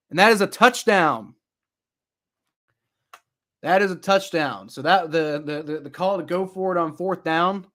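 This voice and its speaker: A young man streams his reactions to a football game, offering relaxed play-by-play full of fillers and rambling. His voice sits on the high side, and now and then he gets loud and exasperated.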